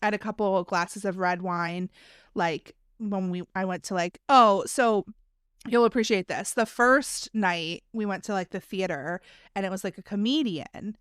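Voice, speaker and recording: A woman's voice: medium pitch, normal speed, fairly bright tone, smooth, no room sound, clean studio sound. A woman co-hosting a podcast in casual chat, telling stories with lots of "like" fillers. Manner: chatty, many "like" fillers, storytelling. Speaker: podcast co-host.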